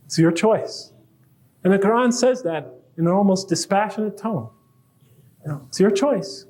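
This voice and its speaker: A man's voice: sits high, animated, normal speed, a little mellow. A man giving a conversational public lecture to a live audience, asking rhetorical questions and reading quoted verses aloud.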